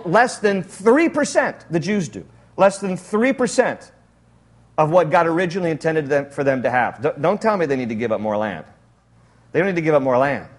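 A male pastor preaching a sermon in an animated, jokey way with frequent laughs. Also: a little high.

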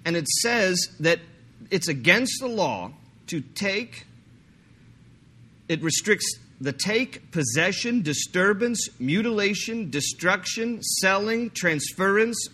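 A man preaching a sermon, animated and joking, slipping into mock voices to make his point. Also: high-pitched, slow pace. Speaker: pastor.

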